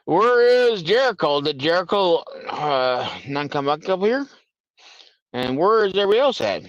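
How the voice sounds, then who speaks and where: An irritated man hosting a live stream, ranting and swearing with a fairly high voice. The sound is dry and dull, like low-grade stream audio. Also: big pitch swings, moderate pace, no echo. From United States. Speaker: livestream host. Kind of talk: angry political rant and call-in chat.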